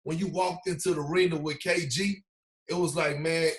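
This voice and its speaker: A man's voice: fairly high pitch, a little fast. A man telling stories in a casual, slangy way, acting out what others said. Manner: animated storyteller, slangy, acts out quotes. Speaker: podcast guest, former basketball player. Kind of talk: casual storytelling.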